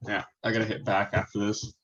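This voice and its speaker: A man's voice: lowish voice, completely flat delivery, brisk, fairly bright tone. Male co-host on a lo-fi video call, easygoing and chatty. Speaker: podcast co-host. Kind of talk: casual chat. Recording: dull video call audio.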